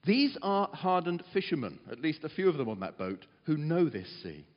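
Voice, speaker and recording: A man preaching a sermon, animated and dramatizing quotes. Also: on the high side, normal speed. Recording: muffled sound with long hall reverb.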